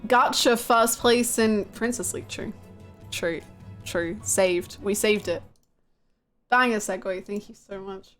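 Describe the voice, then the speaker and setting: A woman chats casually on her live gaming stream, mid-pitched and self-mocking as she answers chat aloud. She talks into a desk microphone, and faint game music plays behind her. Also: takes it slowly, a bit bright.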